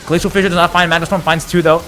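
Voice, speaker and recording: Excitable male esports caster. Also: fairly high pitch, very fast, faint music behind. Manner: excitable, rising sharply in big plays. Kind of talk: live esports commentary.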